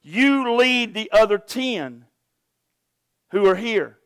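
A man's voice: sits high, animated, takes it slowly, fairly bright tone, clean tone, dry recording. A pastor preaching a sermon to his congregation, earnest and asking them direct questions.

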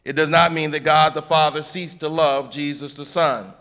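A man's voice: fairly high pitch, steady tone, normal speed, pushed and bright. Emphatic male preacher in a sermon. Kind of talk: Good Friday sermon.

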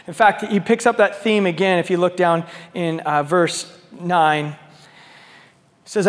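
A man preaching a sermon to a small live audience, talking conversationally and swinging between soft, quiet stretches and loud, emphatic ones. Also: high voice, fairly even intonation, a little slow, big-room sound. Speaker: pastor.

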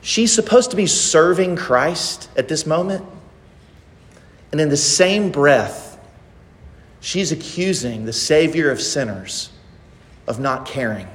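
A man's voice: a little high, expressive, slow pace, long pauses. A male pastor preaching a sermon, emphatic and full of rhetorical questions. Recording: long hall reverb.

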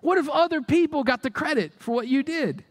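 A man's voice: very high-pitched, a little fast. A man preaching a sermon, firing rhetorical questions and acting out the people he quotes. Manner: animated, rhetorical questions, acts out quoted voices. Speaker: pastor.

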